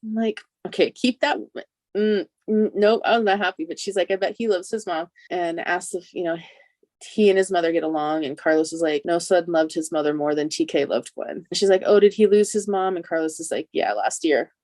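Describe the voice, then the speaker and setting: A woman co-hosting a podcast, chatting casually as she recaps a TV episode, with an animated, laughing way of retelling it. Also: on the low side, brisk, no room sound. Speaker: podcast co-host.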